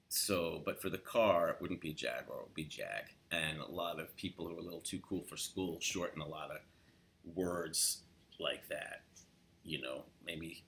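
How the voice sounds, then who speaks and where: Deep gravelly guy w a socal accent, laid back, explaining how LA folks say stuff. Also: slight background noise. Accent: Southern California. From Los Angeles. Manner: relaxed, demonstrates words in quoted example sentences. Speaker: accent tutor. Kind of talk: casual spoken accent lesson.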